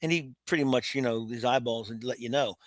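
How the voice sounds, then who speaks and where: A man's voice: mid-range voice, a little fast, no room sound. Older man telling a war story, blunt. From United States. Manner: vivid, blunt war storytelling with frequent restarts. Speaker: guest. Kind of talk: storytelling interview.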